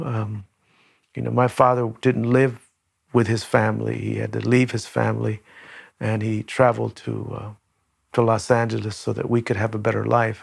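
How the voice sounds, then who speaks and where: Gravelly reflective man telling his story. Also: mid-range voice. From Southern California. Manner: unhurried, reflective, many fillers and restarts. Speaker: conference speaker. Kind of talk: personal storytelling talk.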